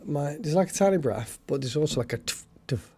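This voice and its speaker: Gravelly, chatty man hosting live. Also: a little high, brisk, background noise. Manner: chatty, thanks viewers by name, excitable. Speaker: live stream host. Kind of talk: casual live stream chat.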